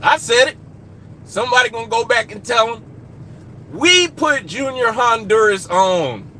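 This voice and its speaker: A young man streaming live from his truck cab, chatting casually and joking with viewers, hollering shout-outs into a phone. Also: extremely high pitch, expressive, measured pace, slight background noise.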